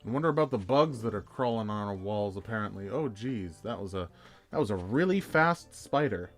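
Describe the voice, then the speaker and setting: A man's voice: on the low side, animated, fairly quick, faint music behind. Joking Canadian man streaming a game. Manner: jokey, rambling, self-deprecating. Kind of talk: casual game-stream chat.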